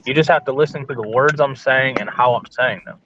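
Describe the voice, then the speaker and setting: A man hosting a casual live stream chat, animated and swearing freely. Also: mid-range voice, fairly quick. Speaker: live stream host, delivery driver. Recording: lo-fi with some noise.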